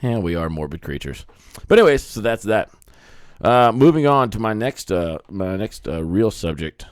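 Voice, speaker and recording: A man's voice: fairly low pitch, sing-song, normal speed, clear, resonant tone, dry recording, studio quality. A man hosting a casual comedy podcast, joking around in a laid-back way and chuckling often. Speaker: podcast host.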